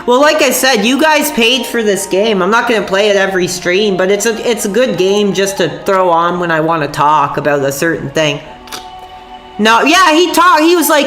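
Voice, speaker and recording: A woman's voice: mid-range voice, lively intonation, moderate pace, fairly bright tone. Sick woman streamer venting, sore voice, cussing a lot, echoey room, bit of music. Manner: angry, profane, rambling. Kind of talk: livestream rant to chat.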